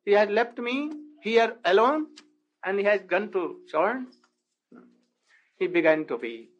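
A man with a high voice tells a devotional story slowly, one unhurried phrase at a time. His English is halting and non-native, and he keeps turning to his listeners with rhetorical questions. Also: lively intonation, highs cut off. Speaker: spiritual lecturer.

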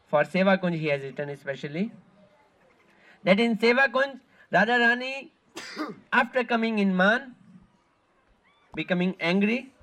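This spiritual tour guide speaks in a high-pitched, fairly bright voice as he delivers an earnest devotional talk at pilgrimage sites. He frequently circles back over the same points and gropes for the right words.

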